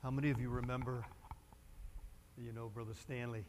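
A man's voice: mid-range voice, level tone, moderate pace, darkish tone, a little hiss or hum. A man preaching a sermon from a church pulpit, telling a story with lots of fillers and restarts. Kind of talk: sermon with anecdote.

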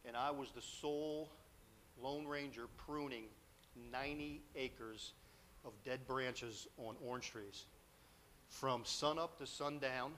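A man telling a lively personal story in a sermon, acting out the dialogue as he goes. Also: medium pitch, slow pace, slight background noise. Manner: animated storyteller, acts out quotes, grows loud and excited.

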